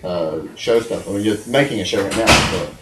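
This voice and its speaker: A man's voice: fairly low pitch, fairly quick, very noisy. A man in his twenties hosting a casual podcast chat, joking and laughing often. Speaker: podcast host. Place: home room. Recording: echoey room.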